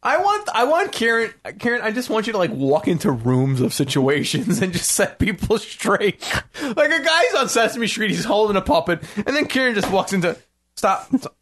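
High, husky, very animated man. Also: moderate pace, hardly any pauses, a little hiss or hum. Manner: animated, laughing, teasing. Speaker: co-host. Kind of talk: casual crude comedy banter.

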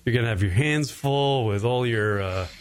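A man's voice: medium pitch, moderate pace, background noise. A young adult man co-hosting a casual radio show, teasing his co-host and laughing often.

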